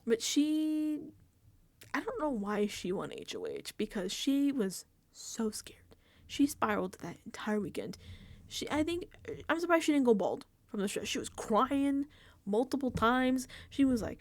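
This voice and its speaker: Woman, casual recap host, higher voice, very expressive pitch, frequent laughter, exasperated. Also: unhurried. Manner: animated, laughs often, exasperated. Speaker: reality show recap host.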